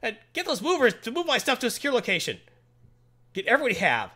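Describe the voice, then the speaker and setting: A man's voice: extremely high pitch, wildly swooping pitch, fast, bright, forceful tone, pitched above the performer's own voice, exaggerated voice. A man voicing a smug, bratty teenage tech villain who taunts and gloats in a whiny way. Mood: shrill demanding.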